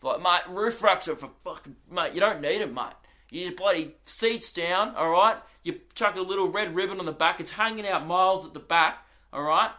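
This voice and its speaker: Cocky Australian surfer bloke, played by a man, bright and a bit high, laid-back bravado. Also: normal speed. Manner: cocky, breezy, reassuring banter.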